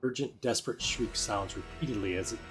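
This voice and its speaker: A man running a tabletop game as game master, narrating in a casual, halting way. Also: lowish voice, a bit bright. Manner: casual, many fillers and restarts. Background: faint music.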